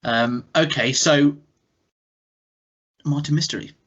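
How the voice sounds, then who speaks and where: A man co-hosting a podcast, introducing segments in a deliberate, dry way. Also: fairly high pitch, background noise. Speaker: podcast co-host. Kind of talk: casual podcast chat. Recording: dull lo-fi podcast audio.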